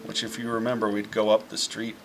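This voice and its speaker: Son recording a heartfelt message home; lowish voice, rambling fond storyteller, faint background hiss. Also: male voice, monotone, fast. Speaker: eldest son sharing a memory.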